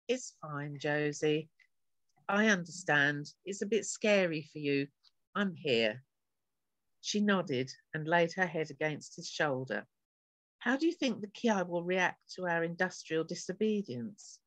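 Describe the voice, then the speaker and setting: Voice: mid-range voice, expressive, unhurried, fairly bright tone, no echo, poor audio. An author reading an extract from her own science fiction novel aloud, giving the characters light changes of voice.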